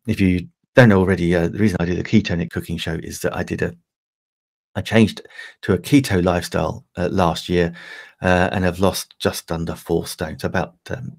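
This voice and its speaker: Gravelly low-voiced English man. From England. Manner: rambling, chatty, many fillers and restarts. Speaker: livestream host. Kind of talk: casual livestream chat.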